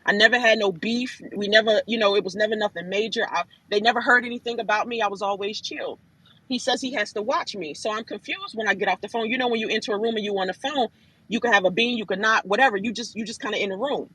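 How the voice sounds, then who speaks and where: Husky, bright-voiced woman telling her story. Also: medium pitch, fast talker, no room sound, poor audio. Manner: animated, emphatic, often addresses listeners as y'all. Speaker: room host telling her side of a dispute. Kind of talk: casual storytelling on a live audio chat room. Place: online audio room.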